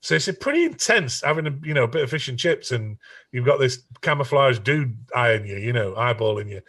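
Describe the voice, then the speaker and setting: A middle-aged songwriter telling an animated story, often stumbling over and repeating his words. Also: medium pitch, brisk, far from the mic. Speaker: songwriter guest.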